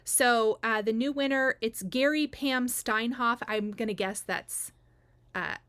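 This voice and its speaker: A woman's voice: a little high, a little slow, fairly bright tone. A woman cross stitch vlogger chatting casually to her viewers, frank and talkative, with frequent ums and restarts. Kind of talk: casual chat announcing giveaway winners.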